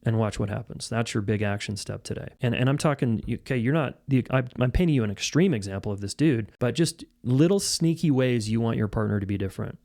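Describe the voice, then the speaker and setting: A man's voice: medium pitch, fast, vocal fry, few pauses, darkish tone. Guy coaching men on marriage, blunt and punchy, mid-range voice, talks loose with lots of restarts. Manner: blunt, emphatic, conversational with many restarts. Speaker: relationship coach. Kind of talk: direct-to-camera advice talk.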